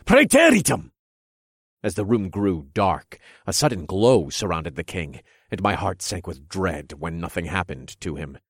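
Man reading a dark fantasy audiobook, really low husky voice, dramatic. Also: unhurried, few pauses, no room sound, clean studio sound. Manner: dramatic, steady storytelling. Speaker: narrator. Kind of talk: first-person audiobook narration.

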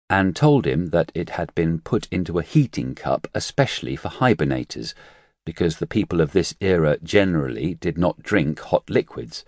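Male audiobook narrator, deep low register, measured and steady, dry booth sound. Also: no echo. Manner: measured, even storytelling.

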